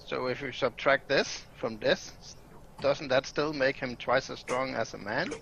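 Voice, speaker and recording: A man's voice: mid-range voice, unhurried, vocal fry, dull audio, noisy background. A man playing a tabletop game, reasoning things through with questions. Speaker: player. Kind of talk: casual tabletop play.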